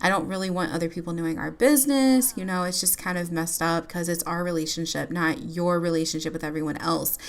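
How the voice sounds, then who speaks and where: A woman's voice: lowish voice, fairly quick, hardly any pauses, close to an everyday voice. A woman voicing a young female game character, a hurt girlfriend who speaks with sarcasm. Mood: upset. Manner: sarcastic, aggrieved.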